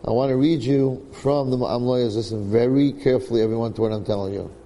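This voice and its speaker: A man's voice: mid-range voice, fairly even intonation, fast, dark tone, long reverb tail, a little hiss or hum. A man teaching a Torah class in sermon style, telling a story emphatically and weaving in Hebrew phrases with repeated lines. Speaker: rabbi giving a Torah class.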